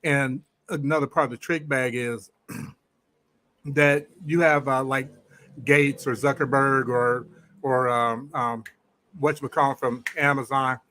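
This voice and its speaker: Measured man calling in. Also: medium pitch, steady tone, pushed and bright, poor audio. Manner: measured, thoughtful, with hesitations. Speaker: guest caller. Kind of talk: casual call-in commentary.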